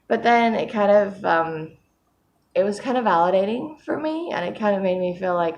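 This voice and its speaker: A woman's voice: mid-range voice, expressive, moderate pace, darkish tone. A woman talking in a casual diary vlog, sleepy and yawning, rambling and self-deprecating with frequent laughs. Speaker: vlogger.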